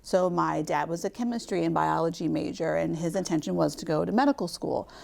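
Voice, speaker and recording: A woman in her fifties from Kentucky with a light Southern drawl, speaking as a guest in a TV studio interview in a measured, reflective way. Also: low voice, gravelly, a little mellow. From Louisville, Kentucky. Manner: measured, reflective, with frequent "um" pauses. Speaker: guest, nonprofit chief executive.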